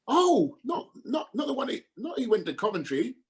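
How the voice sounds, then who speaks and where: A male podcast host breaks in with quick, eager questions. His voice is high and swings widely in pitch. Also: huge pitch swings. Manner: short eager interjections and questions. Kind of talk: casual interview chat.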